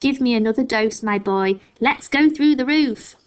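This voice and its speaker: A woman voicing a screechy, wilful old grandmother who whoops and shouts in a storybook read-aloud. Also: on the high side, normal speed, smooth, voice pushed up, close to an everyday voice. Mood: exultant.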